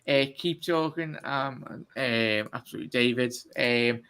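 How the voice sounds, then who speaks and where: Man, fan show host, bright voice, chatty quick shout-outs. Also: medium pitch, smooth. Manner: fast, chatty, repeats thanks and shout-outs. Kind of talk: live stream sign-off chat.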